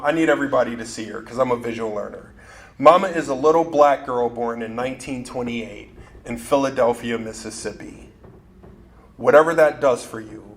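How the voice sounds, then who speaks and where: A man delivers a motivational keynote with an animated, storytelling manner and keeps joking with his audience. His voice sits a little high for a man. A faint room noise hums underneath. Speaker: keynote speaker.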